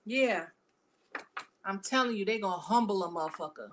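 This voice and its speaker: A woman reading tarot cards for her viewers in a casual, animated, profane and chatty way. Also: medium pitch, normal speed, a little hiss or hum. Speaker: tarot reader.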